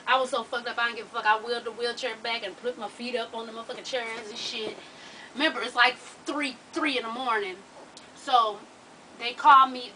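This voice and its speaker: A woman's voice: a little high, far from the mic, a little hiss or hum, low-quality recording. A woman telling a long story to her viewers, laughing and swearing freely. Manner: profane, animated, laughs while telling. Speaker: vlogger.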